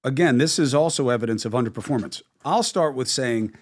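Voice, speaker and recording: A man answers interview questions in a measured way. He sometimes hesitates before going on. His pitch is ordinary. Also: animated. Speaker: interview guest.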